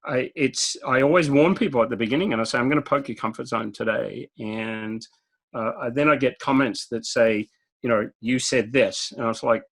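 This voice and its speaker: Guesting on a casual interview, an Australian man tells stories in a direct way and chuckles frequently. He speaks at a normal speed with a medium-pitched, slightly bright voice and some vocal fry, captured in poor audio.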